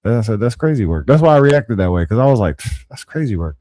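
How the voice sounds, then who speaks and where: A young podcast host with a mid-range voice talks fast, and there's no echo. His school stories come out animated and full of slang, with the quotes acted out in character.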